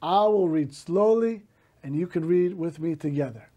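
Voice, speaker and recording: A male teacher slowly reading a story aloud to a class, stopping to gloss words in Hebrew. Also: on the high side, dark tone.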